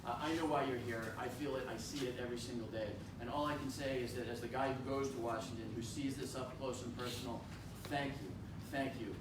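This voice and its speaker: A man, a congressman, giving an impassioned campaign speech at a town rally, slowing down to stress his points. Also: medium pitch, fairly even intonation. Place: indoor town political rally. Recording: echoey room, distant mic, noisy.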